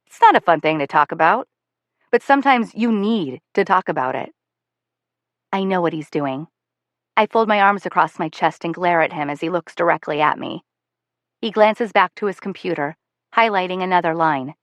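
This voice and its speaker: A woman reads a first-person audiobook in a measured, soft-spoken way. Her voice sits a little low for a woman. The sound is dry and close to the mic, with no room around it. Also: animated, dry recording. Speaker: audiobook narrator.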